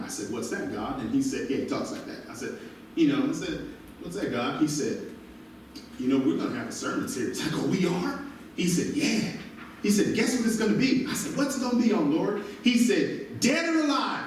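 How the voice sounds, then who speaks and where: A male pastor preaching an animated sermon, recorded from a distance in a church. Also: on the high side, moderate pace, slight background noise. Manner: animated preaching with call-and-response asides. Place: church sanctuary. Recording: very echoey church from far off.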